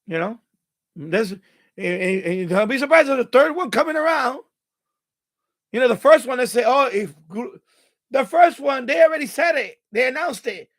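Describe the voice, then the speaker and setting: A man's voice: extremely high pitch, creaky. A man live-streaming about radio, ranting in an exasperated way and swearing freely at a desk mic.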